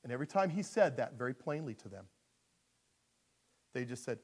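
A male pastor preaching a sermon in an animated storytelling manner, dropping to a hush and rising to shouts. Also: medium pitch, a little fast.

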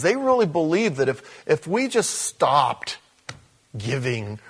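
A man preaching a conversational sermon as a pastor, with animated bursts. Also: on the high side.

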